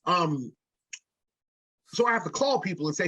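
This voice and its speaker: A man's voice: high-pitched, expressive, moderate pace, pauses often, pushed and bright, dry recording. A rapper being interviewed, telling a long story in a loose, jokey, profane way, stumbling and restarting as he goes. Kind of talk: casual storytelling. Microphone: video call. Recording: dull lo-fi video call audio.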